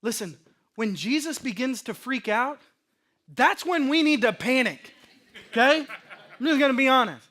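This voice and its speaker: A male pastor preaching a sermon to a congregation, animated, acting out panicked inner voices and swinging between loud emphasis and soft lows. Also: moderate pace, pauses often. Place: church sanctuary.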